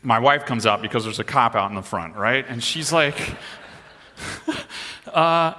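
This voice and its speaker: Middle-aged pastor, bright, in a reverberant hall. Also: male voice, mid-range voice, normal speed. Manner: animated storytelling, rising and pushing hard at the exciting parts. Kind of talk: sermon with personal story.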